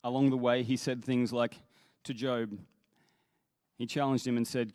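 A man's voice: medium pitch, level tone, measured pace, darkish tone, dry recording, studio quality. A man speaking as a worship leader, giving an earnest sermon-style talk that stumbles over restarts and then rises into emphatic quoted scripture.

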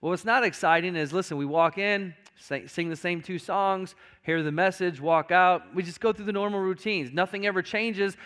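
A man's voice: high-pitched, steady tone, normal speed, few pauses, fairly bright tone, smooth. A male pastor preaching a sermon to his congregation, emphatic, with frequent repetitions and stammered restarts. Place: church sanctuary.

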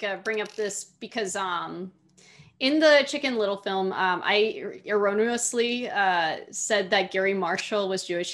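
A woman's voice: medium pitch, fairly bright tone. A woman casually discussing a film, chatty and self-correcting, often laughing. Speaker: podcast co-host.

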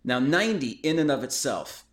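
Male host, mid pitch, earnest casual teacher, echoey room sound. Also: sing-song, normal speed. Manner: earnest, explanatory, digresses. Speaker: host of a Bible study talk.

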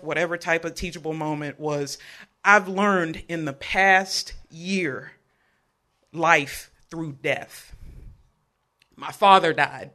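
A man tells a personal story live on stage. His voice sits high for a man and rings bright and forceful. He delivers it in an animated way and jokes with the crowd. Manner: animated, joking with the audience. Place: live event venue.

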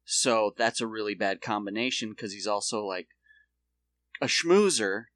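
A man's voice: lowish voice, lively intonation, a little slow, fairly bright tone, dry recording. Male podcast co-host, crude storyteller, dry close mic. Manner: rambling storyteller, swears, acts out quotes in shifting voices. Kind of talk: casual chat.

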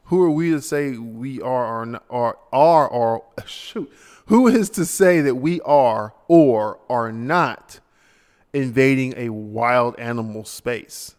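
Recorded in what sounds like a large hall, a solo podcast host speaks in a mid-range voice with a clean tone. He rants casually and sounds worn out late at night, slipping into mock voices.

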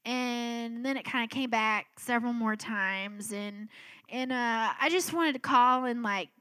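A woman's voice: on the high side, a little slow, bright, forceful tone, clean tone. A middle-aged woman giving a casual spoken testimony, telling her story in a chatty way full of filler words. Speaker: speaker sharing a personal testimony.

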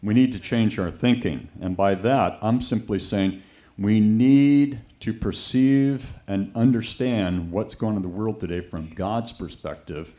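A man's voice: on the low side, a little slow. Storytelling male preacher. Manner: lively anecdotal delivery, acts out quoted voices. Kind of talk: sermon storytelling.

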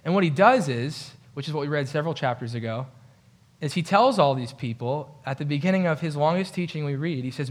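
A man's voice: a little high, expressive, a little fast. Casual joking male pastor preaching. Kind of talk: conversational sermon. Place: church.

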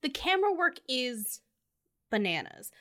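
A woman co-hosting a casual movie podcast, animated, laughing often and trailing off mid-thought. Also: high-pitched, a little slow. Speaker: podcast co-host. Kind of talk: casual movie-review chat.

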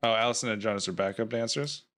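A man's voice: on the low side, fast talker, fairly bright tone. A man hosting a podcast in casual chat, joking and laughing often and tripping over his words. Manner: jokey, laughs a lot, stumbles over words. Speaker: podcast host.

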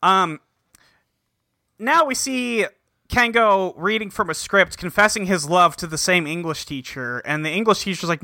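Bright-voiced man recapping casually. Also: sits high, lively intonation, moderate pace, vocal fry, dry recording, studio quality. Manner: rambling, filler-heavy, acts out quotes. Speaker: podcast co-host. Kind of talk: casual episode recap chat.

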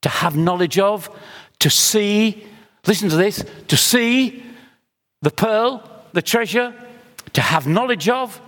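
A middle-aged man preaching a sermon with impassioned, emphatic runs that climb in pitch. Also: fairly bright tone, long reverb tail.

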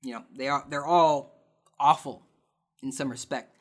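A man's voice: mid-range voice, fairly even intonation, measured pace. Sarcastic ranting podcast host, a man. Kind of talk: casual chat answering listener questions.

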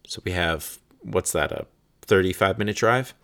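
A man's voice: sits low, moderate pace, a bit bright. A man in his thirties telling a casual, rambling anecdote with frequent restarts and some swearing.

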